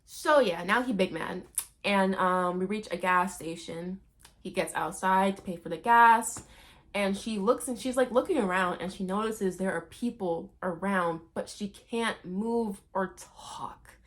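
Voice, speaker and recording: A woman's voice: medium pitch, measured pace. A woman recapping a movie in a casual, playful and slangy way, chatting to her viewers.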